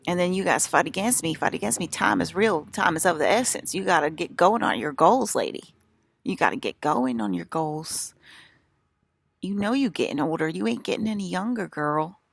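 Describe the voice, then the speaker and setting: A woman's voice: lowish voice, lively intonation, normal speed, creaky, slightly rough, no room sound. A woman with an American country accent, rambling in an agitated, profane and repetitive monologue as a vlogger.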